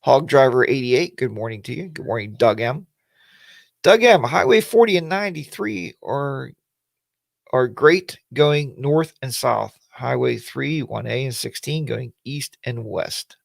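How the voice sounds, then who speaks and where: A man's voice: mid-range voice, expressive, a little slow, vocal fry, no echo. A man hosting a casual weekly livestream chat, rambling in a folksy way and greeting viewers by name.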